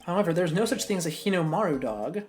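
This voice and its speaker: A woman reading a grave, low-voiced prosecutor. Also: lively intonation, quick pace, darkish tone, faint music behind, lightly acted. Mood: puzzled. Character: grave, composed male prosecutor.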